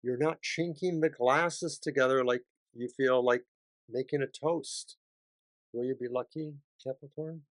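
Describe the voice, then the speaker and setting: A male tarot reader talks through the week's cards at a slow, unhurried pace. He is chatty, dropping to a hush and then rising into bursts of excitement. The room is dry, with no echo. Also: medium pitch. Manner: chatty, dramatic swings between hushed and excited. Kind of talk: weekly tarot reading for each sign.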